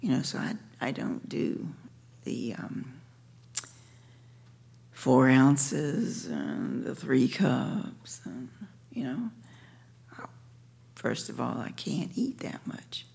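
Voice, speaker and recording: A woman's voice: very deep voice, sing-song, very slow, creaky, pauses often, a little mellow, slightly rough. A woman sharing her story at a recovery meeting in a wry, joking way, sometimes dropping to a near whisper. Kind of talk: personal share at a recovery meeting. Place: meeting room.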